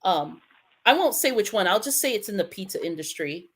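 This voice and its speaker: A middle-aged woman from the United States chatting casually, lively and quick to laugh while she browses a menu. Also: mid-range voice, slightly rough. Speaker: host. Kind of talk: casual chat.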